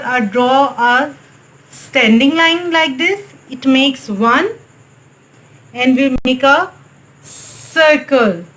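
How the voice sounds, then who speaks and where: A woman with a Pakistani English accent teaching a nursery maths lesson in a slow, sing-song way, repeatedly calling on the class. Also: high voice, echoey room, poor audio. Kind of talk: recorded online maths lesson for small children.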